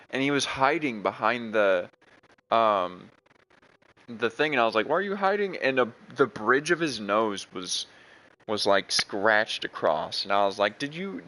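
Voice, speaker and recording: A man's voice: fairly low pitch, pushed and bright, poor audio. Rambling young man talking over his game. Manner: rambling, with many restarts and fillers. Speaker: gaming streamer. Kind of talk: casual chat while playing a video game.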